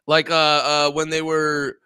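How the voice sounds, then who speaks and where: A man's voice: on the high side, monotone, slow pace, sharp tone, clear, resonant tone, no echo, clean studio sound. A man in casual stream chat, rambling and cursing, acting out quotes in mock voices. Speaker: co-host.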